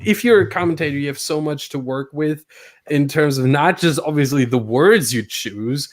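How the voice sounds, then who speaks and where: A man's voice: fairly high pitch, moderate pace. A man hosting a casual podcast, talking about commentary in a playful, teasing way and laughing often. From not British. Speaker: podcast host and sim racing commentator.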